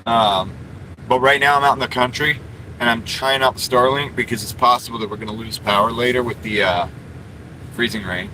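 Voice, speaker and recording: Sitting in his parked car, a man chats with his livestream viewers and reads their comments, rambling and full of fillers. His mid-range voice moves a little fast over a noisy background.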